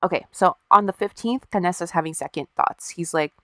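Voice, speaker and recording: A woman with a lowish voice tells a story to her co-host in a loose, chatty way. She swears freely and adds wry asides. The recording is dry and close. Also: fairly quick, no echo. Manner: profane, wry storyteller acting out quotes. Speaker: podcast co-host. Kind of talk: casual storytelling chat.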